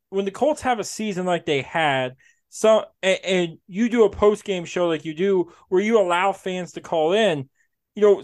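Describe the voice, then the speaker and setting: A man hosting a casual interview podcast, asking long, rambling questions with many restarts. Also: a little high. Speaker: podcast host.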